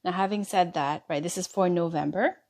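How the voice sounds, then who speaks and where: Woman, tarot reader, lowish pitch, hoarse, chatty, reassuring. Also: fairly quick, darkish tone. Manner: chatty, reassuring, drifts between reading aloud and asides. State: losing her voice. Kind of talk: tarot reading, reading cards aloud and chatting.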